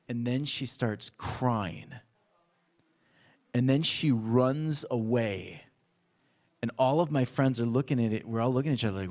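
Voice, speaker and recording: A male pastor telling a personal story in a sermon, acting out voices from his childhood with lively animation. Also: medium pitch, a little fast. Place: church.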